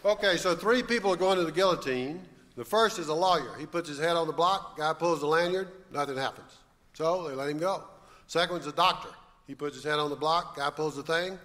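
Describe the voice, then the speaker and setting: A man's voice: fairly high pitch, a little fast, a bit bright, long reverb tail. Matter-of-fact man telling radio jokes. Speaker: radio show host. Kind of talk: live radio joke telling.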